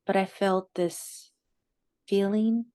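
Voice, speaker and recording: A woman telling a personal story in a halting way, with many "like" fillers and moments where she loses her words. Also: medium pitch, steady tone, dark tone, no room sound. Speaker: interviewee recounting a near-death experience.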